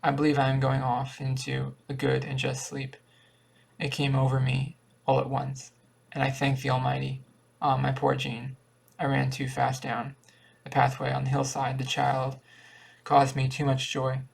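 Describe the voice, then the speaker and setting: Casting: man reading a serene, devout old uncle on his deathbed, quiet and gravelly. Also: medium pitch, completely flat delivery, moderate pace. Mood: calm. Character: dying gentle old uncle, calm, devout.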